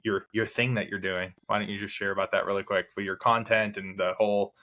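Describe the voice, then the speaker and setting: A man's voice: on the low side, level tone, brisk, sharp tone. A man hosting a podcast, laid-back and casual, swearing and calling his guest dude. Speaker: podcast host. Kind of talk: casual interview chat.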